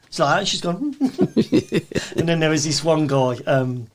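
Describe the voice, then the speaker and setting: A man with a Birmingham accent, a guest event promoter chatting casually and telling animated stories, acting out quotes. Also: on the high side, a little fast. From England. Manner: animated storyteller, acts out quotes. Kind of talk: casual chat.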